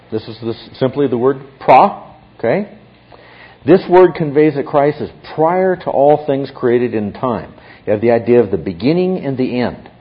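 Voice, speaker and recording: A man teaching a Bible class, explaining step by step and often checking in with his listeners. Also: medium pitch. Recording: dull lo-fi recording.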